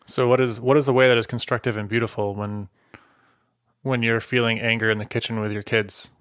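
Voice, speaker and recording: A man's voice: medium pitch, level tone, fairly quick, a bit bright, clear, resonant tone, dry recording, studio quality. A man interviewing a guest with short, probing follow-up questions.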